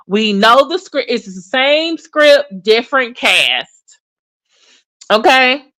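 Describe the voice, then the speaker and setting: A woman hosting a casual livestream commentary, chatty and animated, with many fillers and restarts. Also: on the high side, takes it slowly. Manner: addresses viewers in chat by name. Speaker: commentary channel host.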